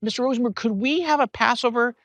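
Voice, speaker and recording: A man's voice: very high voice, quick pace, a bit bright, no room sound, voice pushed up. A man voicing an eager young schoolgirl with curious questions, in his own retelling of a story.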